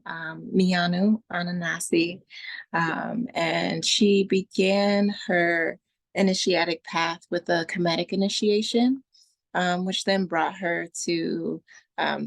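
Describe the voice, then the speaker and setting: A woman hosting an online workshop speaks in a low, level voice with a gravelly edge. She takes her time and fills the gaps with soft "um"s. She thanks her guest and introduces the next speaker in a measured way. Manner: measured, with frequent "um" pauses. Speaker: workshop host. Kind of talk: introducing speakers on a video call.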